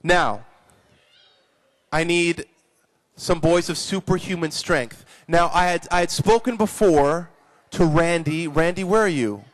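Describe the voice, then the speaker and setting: A man teaching children at a live conference session, animated and playful, praising his young volunteers. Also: fairly high pitch, measured pace. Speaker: children's ministry speaker.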